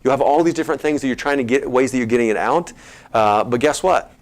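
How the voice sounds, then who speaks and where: A man with a Texan accent giving a lively health seminar to a live audience, joking and coaching the crowd through an exercise. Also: mid-range voice, quick pace. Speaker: chiropractor giving a health talk.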